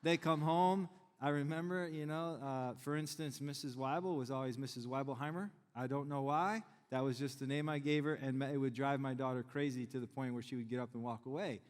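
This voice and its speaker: A middle-aged pastor delivers a sermon in a deep, mid-pitched voice. He talks to the congregation casually and teases them now and then. His voice rings with the long reverb of a large church hall. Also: fairly even intonation, a little fast, few pauses. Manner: conversational, joking with the congregation.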